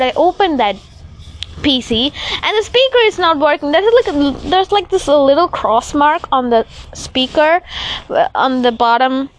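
A woman's voice: high-pitched, lively intonation, unhurried. A young woman tells a rambling storytime vlog on a rooftop at night. She swears casually and acts out the voices of people she quotes. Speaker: vlogger.

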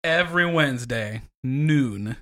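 A man's voice: medium pitch, slow. A man hosting a podcast in casual chat, laughing often and swearing casually. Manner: laughing, lively, profane. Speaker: podcast host.

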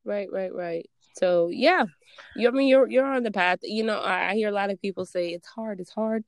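A woman's voice: medium pitch, normal speed, no echo. Earnest motivational woman, dry sound. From Georgia, US. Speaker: podcast co-host. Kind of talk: casual podcast chat.

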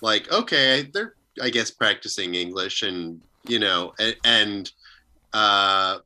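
Bright, lively single man telling stories. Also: fairly low pitch, slow. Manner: easygoing, self-mocking storytelling. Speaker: podcast guest. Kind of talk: casual podcast chat.

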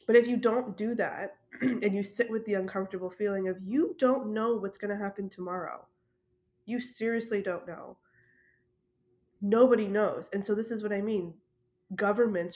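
A woman's voice: mid-range voice, a little mellow. A woman from Canada telling a story in a casual monologue, laughing often and swearing casually. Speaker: podcast host.

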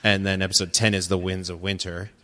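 A man's voice: low-pitched, flat delivery, fast, bright, forceful tone. A man co-hosting a casual podcast discussion, thoughtful and often correcting himself mid-sentence. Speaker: podcast co-host.

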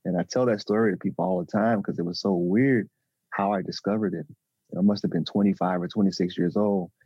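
A man, a relationship coach talking haltingly in a podcast interview. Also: sits low, fairly even intonation, warm tone, husky, no echo, lo-fi sound. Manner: halting, with many restarts and fillers.

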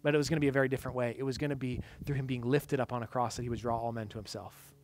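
A man preaching a sermon, swinging from loud, emphatic lines to hushed, quiet passages. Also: mid-range voice, level tone, rapid-fire. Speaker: pastor.

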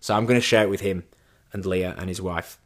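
A man telling a casual story as a monologue, animated and chatty, with a self-deprecating tone and frequent restarts. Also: deep voice, fairly quick. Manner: animated, acts out quoted dialogue in a raised voice.

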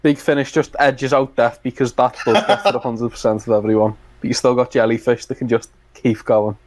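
A man chatting as co-host of a fan podcast, spinning long rambling anecdotes. His voice sits at an ordinary middle pitch. The recording is dry and close, with no room sound. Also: steady tone, brisk, darkish tone, dry recording. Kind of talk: casual fan chat.

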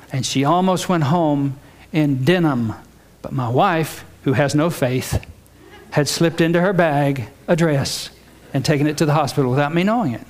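A man's voice: on the high side, normal speed. An older man preaching a sermon, reading scripture and telling stories with humorous asides. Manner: folksy storytelling with humorous asides. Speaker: pastor.

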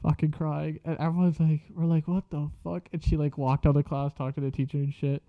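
A man's voice: fairly high pitch, little pitch movement, brisk, dry recording. A young man casually telling a story from school, slangy and profane, laughing as he goes. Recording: dull lo-fi sound.

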